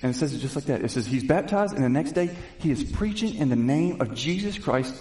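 In an echoey room, a male preacher gives a sermon with Bible reading, speaking at a medium pitch with lively intonation, fairly quickly and with a slightly mellow quality. He reads scripture, puts it into his own casual words, and works toward emphatic questions.

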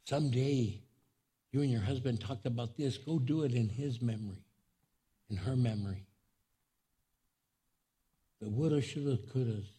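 A man preaching at a remembrance service, speaking straight to grieving people, repeating phrases and swelling to impassioned highs. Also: moderate pace, long pauses, dark tone, breathy edge. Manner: impassioned preaching, swelling up high in pitch and volume; addresses the grieving congregation directly, repeats phrases. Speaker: pastor.

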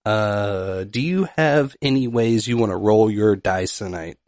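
A man's voice: fairly low pitch, a little slow, a little mellow, no room sound, studio quality. A man co-hosting a podcast in casual, joking chat. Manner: playful, joking. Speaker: podcast co-host.

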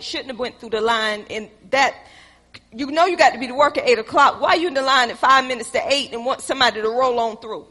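A woman's voice: a little high, brisk, bright, forceful tone, in a large hall. A woman preaching a sermon, emphatic and conversational with playful asides.

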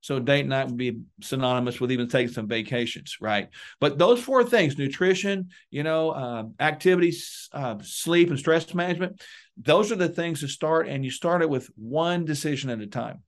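A man giving emphatic coaching advice in a conversational interview, with lively, punchy bursts. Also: fairly high pitch, normal speed. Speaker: police wellness guest.

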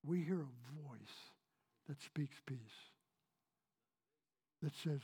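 Earnest pastor preaching, mellow husky voice. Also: male voice, fairly high pitch, slow, pauses often. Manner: earnest, repetitive, shifts between raised emphasis and soft near-whisper. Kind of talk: sermon.

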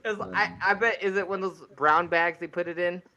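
A man's voice: high-pitched, steady tone, a little fast, sharp tone. A man in casual group chat who teases and giggles a lot. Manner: giggly, teasing interjections.

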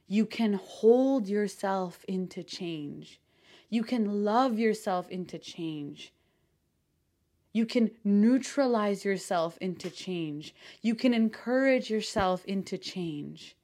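A woman hosting a solo podcast as a coach, talking effusively with lots of fillers and casual swearing, sometimes near shouting with excitement. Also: medium pitch, takes it slowly.

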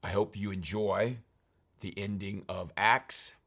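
A man's voice: fairly low pitch, fairly even intonation, slow pace, creaky, fairly bright tone. A man teaching from scripture, reading verses aloud and then explaining them in plain, conversational terms. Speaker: preacher.

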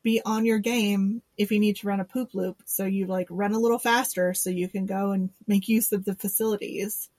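A woman's voice: medium pitch, fairly even intonation, normal speed, few pauses, a little mellow, no echo. A woman co-hosting a podcast, chatting casually and sarcastically, laughing and quoting people in mock voices. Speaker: podcast co-host. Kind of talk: casual chat.

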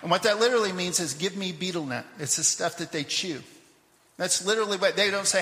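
Bright-voiced pastor preaching in a reverberant church. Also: male voice, sits high, fast. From Papua New Guinea. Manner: lively storytelling with asides to the congregation. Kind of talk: sermon. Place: church sanctuary.

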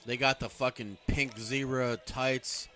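A slightly slow, mid-range male voice belongs to a podcast co-host riffing on an old wrestling match. His casual watch-along talk is profane and crude, full of animated ranting.

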